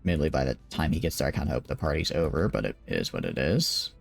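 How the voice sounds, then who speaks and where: Late at night on a live stream, a tired young man casually comments on his game, rambling and making jokes at his own expense. His bass voice is gravelly, very animated and quick, with faint music behind it.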